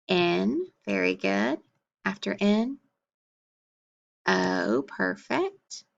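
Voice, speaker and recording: A woman teacher drills children on letters and sounds at a slow, deliberate pace. She praises every answer encouragingly. The recording sounds slightly dull and lo-fi. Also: mid-range voice, gravelly, fairly bright tone. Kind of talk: phonics lesson for children.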